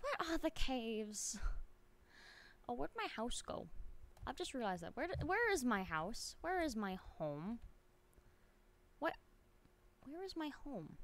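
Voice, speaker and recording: Excitable woman streamer, lively pitch. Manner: excitable, exclaiming, laughing at herself; chats to viewers while playing. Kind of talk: live game stream chat.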